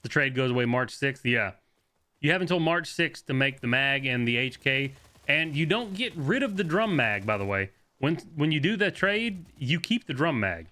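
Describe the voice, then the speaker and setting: A young man streaming a shooter game, talking fast and loose as he plays, swearing, laughing and answering chat. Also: mid-range voice, animated, sharp tone. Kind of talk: live gameplay commentary.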